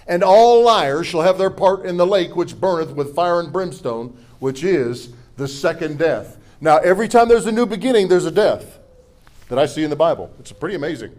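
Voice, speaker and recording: Man, middle-aged, pastor, sermon, high-pitched, call-and-response, humorous asides. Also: lively intonation, moderate pace. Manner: preaching with call-and-response to the congregation; humorous asides, rises to forceful declarations.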